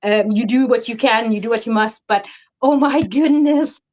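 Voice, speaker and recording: A woman's voice: fairly high pitch, normal speed, a little mellow. Chatty woman in her forties or fifties. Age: 40s or 50s. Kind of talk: casual chat.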